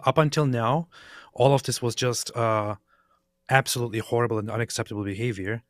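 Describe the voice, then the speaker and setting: A man's voice: medium pitch, dry recording. Emphatic man reacting, dry sound. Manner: emphatic, incredulous. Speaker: co-commentator. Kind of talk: casual reaction commentary.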